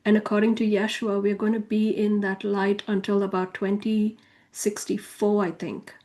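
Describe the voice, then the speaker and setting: A woman and author sharing spiritual views in casual talk, soft-spoken with hesitant fillers. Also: mid-range voice, level tone, moderate pace. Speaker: author and co-host.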